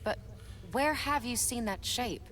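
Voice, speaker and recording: A woman's voice: fairly high pitch, measured pace, fairly bright tone, slight background noise, rough recording. An actress playing a determined young woman warrior in a video game, speaking earnestly.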